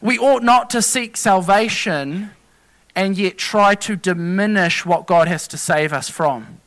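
An earnest male preacher with a high, bright, ringing voice. He talks through scripture in a plain, personal way, stumbling and restarting mid-phrase as he explains each point. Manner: earnest, halting with restarts and self-corrections. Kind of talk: sermon.

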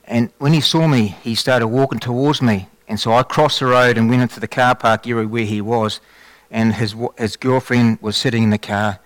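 A man telling a faith testimony in a sermon, with animated storytelling and frequent restarts. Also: mid-range voice, normal speed, dry recording. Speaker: lay preacher giving testimony.

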